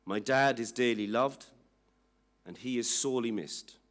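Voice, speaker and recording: A man slowly and solemnly reading a family statement aloud at a public inquiry hearing. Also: mid-range voice. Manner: slow, measured, solemn reading.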